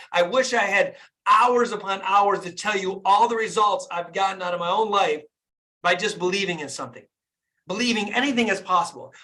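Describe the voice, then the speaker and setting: A man's voice: high voice, sharp tone. Fired-up man preaching on a video call. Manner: fired-up, preachy, repeats phrases for emphasis. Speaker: dentist and business coach hosting a group call. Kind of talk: motivational talk on a group video call.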